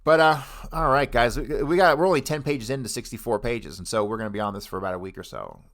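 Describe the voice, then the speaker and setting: A man hosting a podcast, closing the episode in a relaxed, casual way and talking to listeners as guys. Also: mid-range voice, fast talker. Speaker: podcast host.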